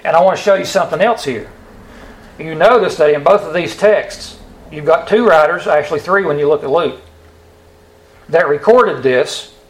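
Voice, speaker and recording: On a low-quality recording, a man with a fairly high voice preaches a sermon. He speaks emphatically, drawing out the key words of the scripture he quotes and putting rhetorical questions to his listeners.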